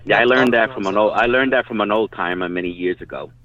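A man's voice: on the low side, quick pace, a bit bright. A middle-aged man telling rambling hunting stories in casual talk, swearing now and then. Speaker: guest hunter telling stories. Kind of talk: casual storytelling. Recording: tinny phone-line audio.

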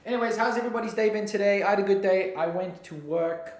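A man's voice: high voice, fast, roomy sound. A young man hosting his own podcast alone, rambling in a goofy, casual way and sometimes slipping into silly voices. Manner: goofy, jumps between silly voices and mumbling. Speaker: podcast host.

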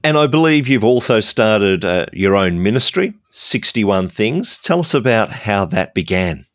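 Man, interviewer, fairly low voice, brief prompts, dry sound. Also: sing-song, measured pace, no room sound. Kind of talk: interview questions.

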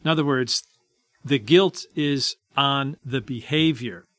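A man reading scripture verses aloud and then explaining them in a measured, deliberate way. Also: mid-range voice, fairly bright tone, no echo.

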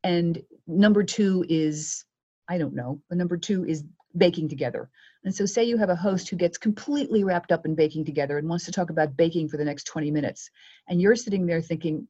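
Husky, low-voiced woman giving media advice. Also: moderate pace, muffled recording. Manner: lively, acts out quoted exchanges. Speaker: media coach guest. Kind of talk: podcast interview advice.

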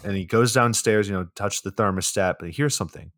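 A man's voice: lowish voice, fast, a bit bright. A man co-hosting a podcast, ranting about a movie in casual, profane chat. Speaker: podcast co-host.

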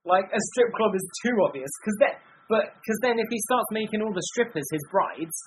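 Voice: mid-range voice, fairly quick, a little hiss or hum, rough recording. A podcast co-host in casual chat, ranting about a bad film with acted-out quotes. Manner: animated, rambling film rant with acted-out quotes.

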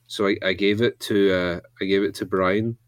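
A man's voice: low voice, level tone, moderate pace, dry recording. A man telling an anecdote in casual chat, often restarting his sentences.

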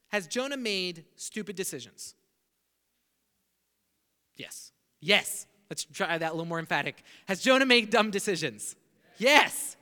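A man with a very high, bright voice preaches a sermon in an animated way, putting questions to his listeners and pausing for their answers. His voice rings out in a long hall reverb. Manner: animated, asks the audience questions.

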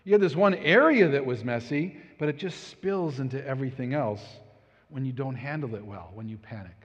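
A man's voice: medium pitch, a little fast, slightly rough. A man in his thirties giving a storytelling talk with a life lesson, rambling, conversational and self-deprecating. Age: 30s. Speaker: speaker. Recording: echoey hall, dull lo-fi sound.

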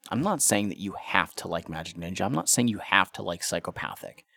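A deep-voiced man talks through a casual podcast monologue, swearing freely and tripping over restarts as he rants. The sound is dry and close, with no room around it. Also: expressive, brisk, vocal fry, pushed and bright, no echo. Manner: profane and ranting, with stammered restarts. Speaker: podcast host.

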